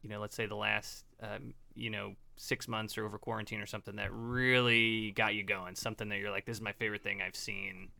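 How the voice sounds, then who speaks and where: A man's voice: fairly low pitch, little pitch movement, a little fast, gravelly, few pauses, sharp tone. A man hosting a casual chat with friends, asking questions in a loose, trailing way.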